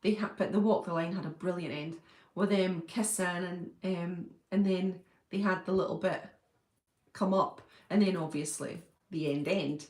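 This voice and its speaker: A woman's voice: on the low side, normal speed, darkish tone, echoey room. A middle-aged woman, hosting a casual livestream chat and answering viewers' comments in an effusive way.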